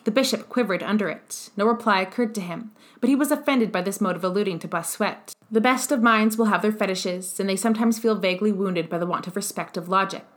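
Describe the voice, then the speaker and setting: A woman narrating an audiobook in a steady, measured reading. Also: medium pitch.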